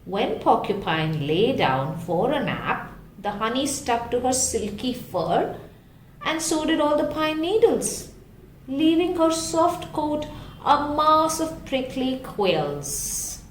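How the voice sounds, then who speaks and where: A woman's voice: high voice, big pitch swings, takes it slowly, reverberant, slight background noise. A woman reading a children's story aloud as storyteller, with chatty asides to her listeners.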